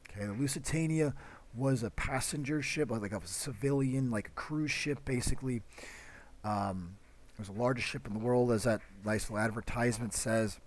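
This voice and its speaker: A man's voice: medium pitch, moderate pace. A man teaching a history lesson in a loose, conversational way, full of fillers and little acted-out quotes. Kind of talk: casual classroom lecture.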